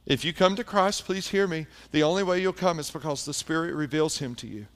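A male pastor with a fairly high voice delivers a sermon as a story. He moves between animated retelling and quiet, hushed emphasis. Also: a little fast.

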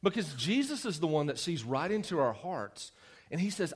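A young man preaching a conversational sermon, animated and teasing his listeners. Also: a little high, normal speed, husky. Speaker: youth preacher.

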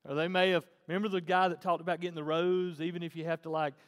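A man preaching a sermon as pastor, swinging from hushed, tender passages to loud, fervent ones. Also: on the high side, level tone, fast talker. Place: church. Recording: long hall reverb.

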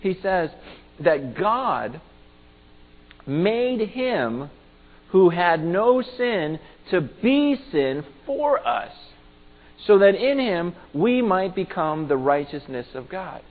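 Man, high voice, preaching a sermon, pleading, earnest, repeats words, thin phone-like sound, long hall echo. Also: very animated, takes it slowly. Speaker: pastor.

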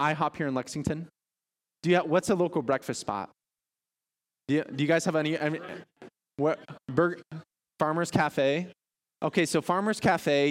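Man in church pulpit, lively preacher who banters with the room. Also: fairly high pitch. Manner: lively, audience-engaging, playful questions. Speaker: pastor. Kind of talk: sermon. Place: church sanctuary.

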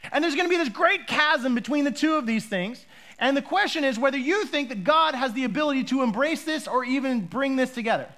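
A man with a very high voice preaching a sermon. He talks conversationally and jokes with his listeners. He builds to emphatic shouts on key points. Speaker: pastor.

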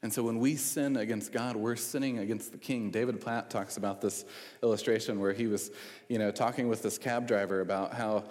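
Male preacher, low register, casual sermon delivery, long hall reverb. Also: fairly even intonation, a little fast, darkish tone. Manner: conversational with frequent fillers and restarts.

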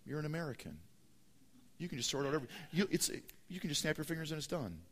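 A man's voice: a little high, lively intonation, fast talker. A man voicing a scoffing man who sarcastically mocks an overconfident hunter. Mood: sarcastic.

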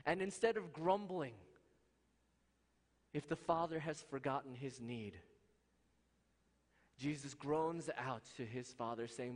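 A fairly high-voiced man delivering an impassioned sermon, rising to loud peaks and dropping to near-hushed passages. His voice rings out with a long reverb trailing behind it, as in a large hall. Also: lively intonation, unhurried, pauses often. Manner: impassioned, swings from loud highs to hushed lows. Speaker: preacher.

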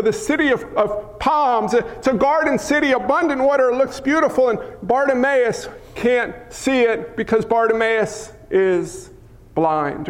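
A man preaching a sermon as a dramatic story, with repeated lists and rhetorical questions, sometimes dropping to a whisper. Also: very high voice. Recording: long hall reverb.

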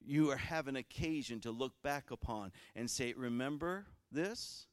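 A man preaching a sermon as pastor, swinging from loud fervent passages to quiet conversational ones. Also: mid-range voice, moderate pace, clean tone, no echo, clean studio sound.

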